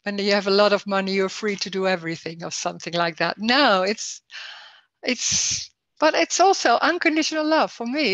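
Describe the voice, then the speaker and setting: A woman hosting a spiritual talk on a video call, searching haltingly for words with many restarts. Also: medium pitch, a bit bright, no echo, highs cut off. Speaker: non-duality talk host. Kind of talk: casual spiritual conversation over video call.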